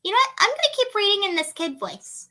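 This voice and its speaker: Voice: very high-pitched, sing-song, quick pace, pushed and bright. A playful reader and voice impressionist who reads a story aloud, breaks off to chat, and giggles often. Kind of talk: casual read-aloud with chatter.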